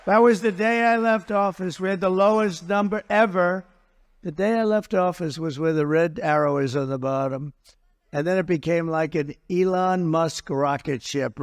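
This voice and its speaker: At a campaign rally, a man speaking as a political candidate comes across blunt and mocking, with a fairly high pitch. He repeats his points and tosses boastful asides to the crowd.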